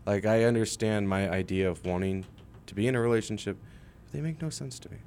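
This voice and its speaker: A man's voice: lowish voice, brisk, darkish tone, slight background noise. Young man rambling on college radio. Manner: rambling, chatty, laughs often. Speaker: radio show co-host. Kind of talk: casual on-air chat.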